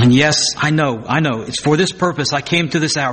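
A man's voice: on the high side, expressive, moderate pace, a little hiss or hum. A man preaching a sermon, stressing his points by repeating phrases and acting out the scripture he quotes. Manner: acts out scripture quotes dramatically.

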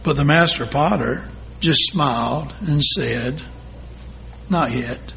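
A male pastor telling a story in a sermon, reading slowly and deliberately with dramatic pauses. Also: on the high side, vocal fry, fairly bright tone, a little hiss or hum. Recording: long hall reverb.

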